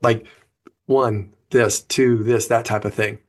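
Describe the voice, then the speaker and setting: A man hosting an interview, asking questions in a halting way and repeating words as he goes. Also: lowish voice, fairly even intonation. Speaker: host.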